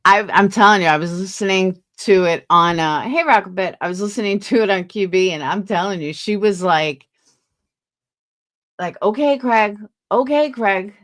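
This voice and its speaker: Tired woman livestream host, lower voice, gossipy, chats with her chat. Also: brisk, hardly any pauses, a bit bright. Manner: chatty, gossipy, reads out viewer names. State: tired, yawning. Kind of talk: casual chat with live viewers.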